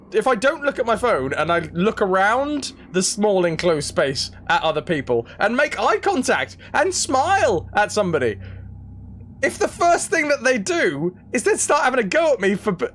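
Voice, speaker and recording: A young man streaming a game, telling stories and chatting with his viewers in a lively, casual way. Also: high voice, slight background noise. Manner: animated, chatty storytelling to viewers. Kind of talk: casual chat while playing a game.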